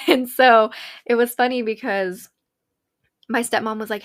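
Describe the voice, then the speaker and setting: A young woman, hosting a podcast and telling stories in a bubbly, animated way with lots of quoted dialogue. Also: a little high, normal speed, long pauses. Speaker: podcast host. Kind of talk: casual storytelling.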